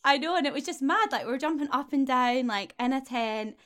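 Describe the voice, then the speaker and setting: Woman, Glaswegian accent, 30s, smooth clear voice, casual chatty guest, frequent laughter. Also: high voice, animated, fairly quick, a bit bright. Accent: Glaswegian Scottish. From Glasgow, Scotland. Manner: chatty, laughing often, many fillers. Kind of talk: casual chat.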